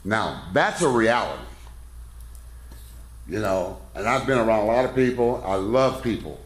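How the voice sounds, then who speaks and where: A man's voice: fairly low pitch, lively intonation, moderate pace. Folksy middle-aged man in an echoey hall. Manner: folksy, rambling, self-deprecating. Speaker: football coach speaking at a men's conference. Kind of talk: casual talk with a story. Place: church hall. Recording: echoey room.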